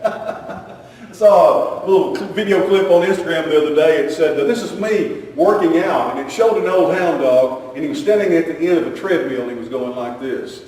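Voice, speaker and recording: A man's voice: a little high, fairly quick, mellow. A male pastor preaching a sermon in a folksy, rambling way, repeating his phrases and chuckling between points. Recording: echoey hall, mic far off.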